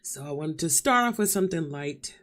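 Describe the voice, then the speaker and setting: A woman's voice: low-pitched, animated, fairly quick, fairly bright tone. A young woman talking to camera in a vlog, crying and nervous, laughing through her tears. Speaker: vlogger. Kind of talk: emotional vlog confession.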